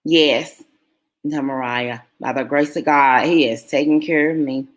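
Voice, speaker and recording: A woman's voice: low voice, steady tone, unhurried. A middle-aged woman, telling a personal story to her viewers in an earnest, emotional way. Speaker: vlogger.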